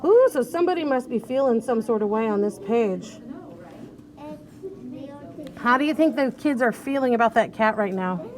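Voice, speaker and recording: A woman's voice: a little high, animated, moderate pace, long pauses. A woman teacher leading young children through a reading lesson, patient and coaxing, sounding out letters one at a time.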